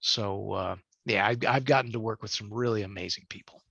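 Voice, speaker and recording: A man's voice: fairly low pitch, fairly quick, gravelly, bright, forceful tone, no room sound, muffled recording. An older man, a voice actor, chatting animatedly about his work in an interview. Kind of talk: interview storytelling.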